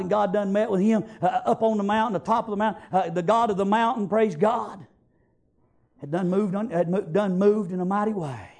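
A man preaching a folksy storytelling sermon, repeating himself and working in shouts of praise and amen. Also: sits high, gravelly, husky.

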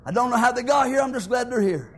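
High-voiced older man testifying. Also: expressive, fast, a bit bright. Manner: folksy, homespun storytelling. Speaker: church member giving testimony. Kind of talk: church testimony.

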